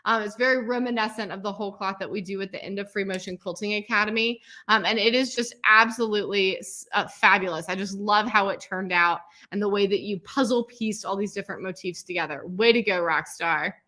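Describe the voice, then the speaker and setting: A woman's voice: medium pitch, fairly even intonation, a little fast, few pauses. Bubbly woman cheering on her students. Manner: effusive praise, calls out each name with a loud cheer. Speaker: quilting teacher and host. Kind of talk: livestream celebration of student work.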